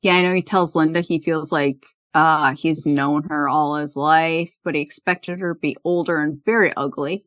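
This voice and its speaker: A woman's voice: low-pitched, steady tone, moderate pace, hardly any pauses, a bit bright, no echo. A woman hosting a podcast, casually retelling an episode's scenes and quoting the characters. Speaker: podcast host. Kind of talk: casual recap chat.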